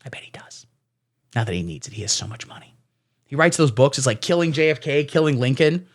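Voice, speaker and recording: Sarcastic rambling comedian, lively pitch. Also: male voice, fairly quick. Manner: sarcastic, rambling, puts on silly voices for quotes. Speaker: comedy streamer. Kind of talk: satirical commentary reading texts.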